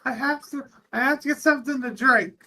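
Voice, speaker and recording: A co-host doing a clumsy sketch-comedy pilot who keeps apologizing, pitched far higher than the co-host's own voice and rushing his words. He is frantic and flustered, and the voice sits distant from the mic. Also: sharp tone, exaggerated voice.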